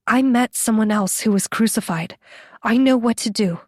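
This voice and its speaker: A woman narrator voicing a guilt-ridden teenage girl who speaks in a small, hushed voice. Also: a little high, normal speed, dry recording, clean studio sound, close to an everyday voice. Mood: remorseful.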